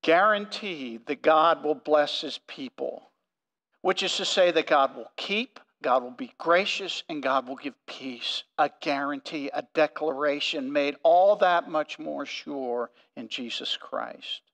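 High-voiced man preaching in a church. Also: a bit bright, in a large hall, low-quality recording. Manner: earnest, emphatic preaching with slow stressed phrases. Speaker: pastor. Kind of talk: sermon. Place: church sanctuary.

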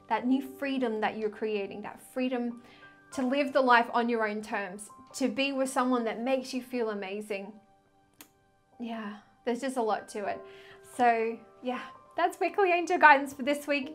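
A young woman chats to camera as a spiritual tarot vlogger in a fairly high voice. She gushes, filling her talk with "like" and "literally". Faint music plays behind her. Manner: gushing, effusive, many "like" and "literally". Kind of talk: casual direct-to-camera chat.

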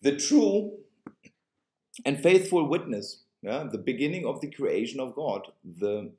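A man's voice: medium pitch, very animated, normal speed, echoey room. Sarcastic preaching man with German accent. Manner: emphatic, sarcastic, repeats phrases. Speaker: online religious video host. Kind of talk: preaching rant to camera.

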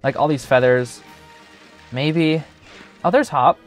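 A man's voice: on the high side, slow pace, faint music behind. A young man hosting a gaming channel, giving chatty, joking gameplay commentary full of filler words.

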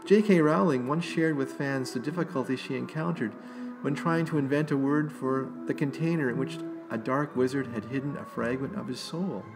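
A man reads aloud and muses with enthusiasm between passages. His voice has a gravelly fry at a middle pitch, and loud music runs under everything. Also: moderate pace, low-quality recording. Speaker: story reader and host. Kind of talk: reading aloud and chatting.

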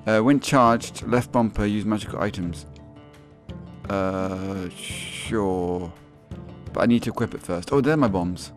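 A man's voice: lowish voice, brisk, hardly any pauses, over music. A man giving sweary, sarcastic let's-play commentary as he plays a video game. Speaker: gaming YouTuber.

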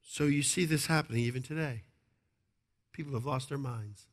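A man's voice: medium pitch, moderate pace. A male pastor preaching a sermon, emphatic and repetitive, often asking the congregation to agree.

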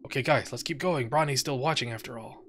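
A man's voice: medium pitch, fast, fairly bright tone, slight background noise. A man commenting on a game he is playing for the first time, reading the characters' lines aloud in playful theatrical voices. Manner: reads game dialogue in playful theatrical voices, swears casually. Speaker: let's player. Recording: faint game music behind.

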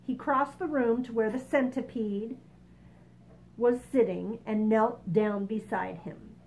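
A woman's voice: a little high, slow, slight background noise, low-quality recording. A woman reading a children's book aloud expressively. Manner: expressive, self-correcting. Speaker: story reader.

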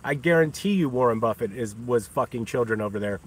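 A man's voice: medium pitch, lively intonation, a little fast, hardly any pauses, husky. A man ranting on his own livestream, scornful and taunting, cursing freely and breaking into laughter often. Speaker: livestream host. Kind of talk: profane livestream rant.

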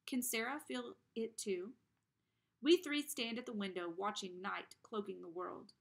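In a mid-range voice with vocal fry, a woman reads a novel aloud at a slightly slow pace. She narrates in the first person, dramatic and expressive throughout.

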